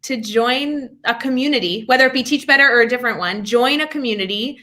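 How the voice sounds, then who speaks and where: Woman, young adult, educator podcast guest, upbeat, energetic storyteller, bright tone. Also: a little high, quick pace. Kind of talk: casual interview chat.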